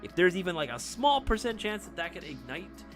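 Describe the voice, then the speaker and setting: A man hosting a casual live stream Q&A, excitable and profane, who laughs easily. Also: high voice, brisk, soft background music.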